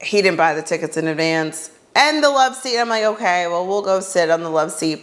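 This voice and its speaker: Animated woman telling a dating story. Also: mid-range voice, a little fast, hardly any pauses. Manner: animated, acts out her own reactions in dialogue; blunt, exasperated asides to listeners. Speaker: podcast host. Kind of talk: casual comedic storytelling.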